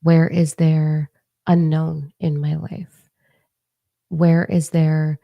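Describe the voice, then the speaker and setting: A woman's voice: low-pitched, flat delivery, takes it slowly, vocal fry, pauses often, warm tone, no room sound, lo-fi sound. A woman spiritual coach giving a blunt, profane, emphatic motivational monologue to camera.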